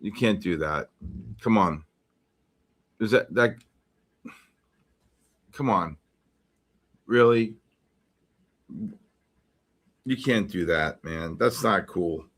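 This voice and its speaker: This futures trading livestream host has a deep, fairly bright voice, stretching out his words and pausing often. He talks loosely through charts and reads viewer messages, filling the gaps with plenty of fillers.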